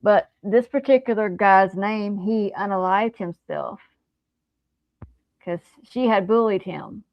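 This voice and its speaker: A woman's voice: mid-range voice, dry recording, dull audio. A woman calling into a livestream, talking casually and often restarting her sentences. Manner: halting, restarts mid-sentence. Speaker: caller on a livestream. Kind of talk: casual chat.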